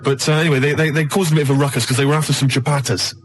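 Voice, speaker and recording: A man's voice: fairly high pitch, steady tone, very fast, slight background noise. A man telling a comic story on radio, rambling and checking in with "right?" between restarts. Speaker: radio co-host.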